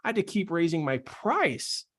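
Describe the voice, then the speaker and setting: A man giving an emphatic, repetitive motivational talk as a business coach, animated and preaching. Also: fairly high pitch, moderate pace. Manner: animated, acts out quoted voices.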